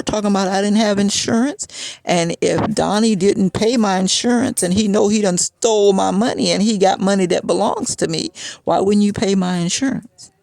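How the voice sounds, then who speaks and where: A woman's voice: mid-range voice, gravelly, darkish tone, dry recording. A woman telling a personal story in a frustrated, agitated way, as a vlog rant.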